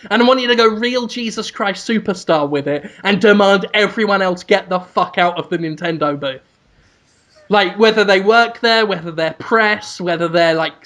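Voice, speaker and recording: A man co-hosting a podcast, telling a sweary comic story with shouted mock proclamations. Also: sits high. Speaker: podcast co-host. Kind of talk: casual comedic storytelling.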